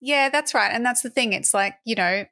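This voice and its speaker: A woman's voice: on the high side, normal speed, sharp tone, no echo, studio quality. A young woman co-hosting a casual political podcast, chatty, laughing often and swearing now and then. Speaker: podcast co-host.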